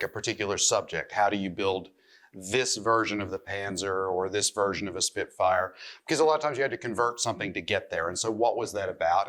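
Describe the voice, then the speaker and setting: A man, a magazine editor, giving a measured, explanatory seminar talk to a live audience. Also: lowish voice, fairly bright tone. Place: convention seminar room.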